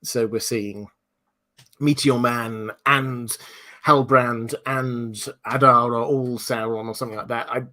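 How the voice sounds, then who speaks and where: A man's voice: medium pitch, fairly even intonation, a little slow, pushed and bright. A man hosting a casual livestream chat, musing aloud with many restarts and fillers. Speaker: livestream host.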